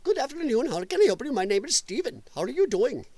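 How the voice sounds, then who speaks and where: A man's voice: very high-pitched, very animated, fast talker, a little mellow, no room sound, voice pushed up, full character voice. A man putting on a sing-song accent to play a polite male call-center agent. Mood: chirpy.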